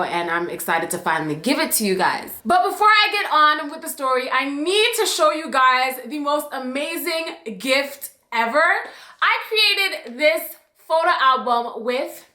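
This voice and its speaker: A woman's voice: sits high, bright, forceful tone. Bubbly young woman vlogging in an echoey room. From Jamaica. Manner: bubbly, chatty, emotional, addresses viewers as "you guys". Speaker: YouTube vlogger. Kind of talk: casual story-time vlog with sponsor read.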